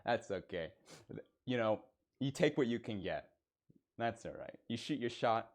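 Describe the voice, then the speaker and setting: A young man chatting on a live stream in a joking, playful way. His mid-pitched voice moves around a lot, and he breaks into laughter easily. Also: expressive, measured pace. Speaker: streamer playing a teacher persona. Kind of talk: casual live-stream chat.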